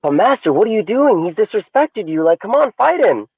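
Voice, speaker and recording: A man's voice: sits high, sing-song, a little fast, slightly rough, no room sound, muffled recording, voice pushed up, exaggerated voice. A man voicing a group of eager young kung fu students who plead and protest in raised voices.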